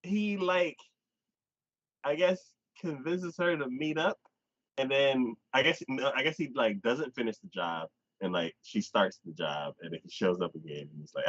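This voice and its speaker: A man hosting a live anime podcast, retelling an episode in a casual chat with quick voiced asides. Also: mid-range voice, a bit bright, no room sound, muffled recording.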